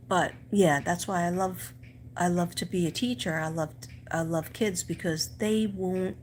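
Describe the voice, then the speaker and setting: A woman's voice: on the low side, slight background noise. A middle-aged woman with a strong Staten Island New York accent, chatting on a live stream, telling stories full of fillers and asides. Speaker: teacher and live-stream host. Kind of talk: casual live-stream chat.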